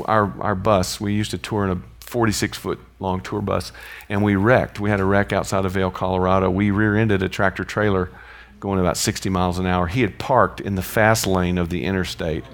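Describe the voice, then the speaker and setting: Male Bible teacher, low gravelly voice, relaxed chatty delivery with stories and asides. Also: moderate pace. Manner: conversational, chuckling asides.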